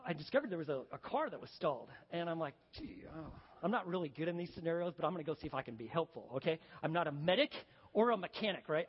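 A man preaching a sermon, telling folksy stories and swinging between loud, lively bursts and hushed, slow emphasis. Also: sits high. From Texas. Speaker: pastor. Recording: dull, echoey hall recording.

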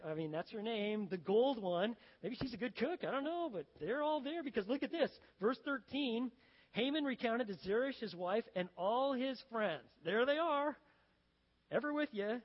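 A male pastor preaching a sermon in a conversational, storytelling way, acting out the scenes he describes. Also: high-pitched. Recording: dull sound with long reverb.

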